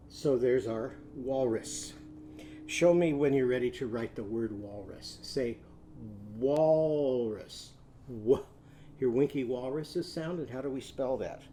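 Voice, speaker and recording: A man teaching young children a drawing and phonics lesson, giving slow, patient step-by-step instructions. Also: mid-range voice, dark tone, slight background noise.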